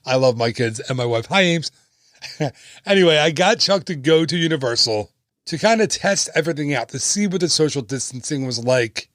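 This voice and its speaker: A man's voice: fairly high pitch, a bit bright, dry recording, clean studio sound. A man in his thirties hosting a casual travel podcast, upbeat and chatty with joking asides. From United States. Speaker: podcast host and travel agent.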